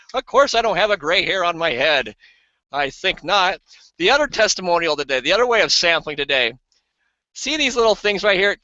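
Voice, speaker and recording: A man co-hosting an online product hangout, telling casual stories with lively acted-out quotes. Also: no room sound, dull audio. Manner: animated, acts out quoted people in higher voices. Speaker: co-host of an online sales hangout. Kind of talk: casual storytelling and sales pitch. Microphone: video call.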